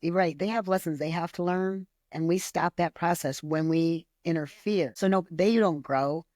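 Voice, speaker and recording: A woman's voice: on the low side, normal speed, dark tone, no echo, clean studio sound. A woman co-hosting a podcast, talking candidly about a personal change. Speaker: podcast co-host. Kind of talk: casual chat.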